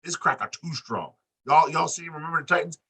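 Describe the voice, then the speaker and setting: A man co-hosting a wrestling podcast, talking in loose, profane banter with big animated swings in his voice. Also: fairly quick, slightly rough. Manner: animated, profane, acts out quotes with big pitch jumps. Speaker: podcast co-host. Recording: distant mic.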